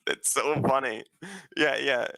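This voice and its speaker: A man's voice: medium pitch, wildly swooping pitch, extremely slow, vocal fry, pushed and bright, no echo, poor audio. A man calling in as a guest to a show, chatting casually and joking, laughing often. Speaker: call-in guest. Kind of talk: casual chat.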